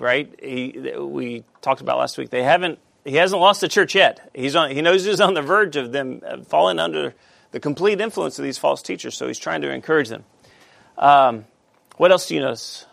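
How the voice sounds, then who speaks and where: A man teaching a Bible study class, halting with many fillers and asking the class questions. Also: on the high side, vocal fry, fairly bright tone, no echo.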